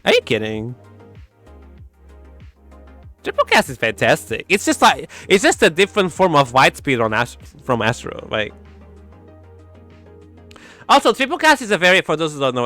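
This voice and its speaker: A man streaming in a casual chat, animated and giggly, breaking into sound effects. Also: mid-range voice, moderate pace, long pauses, faint music behind.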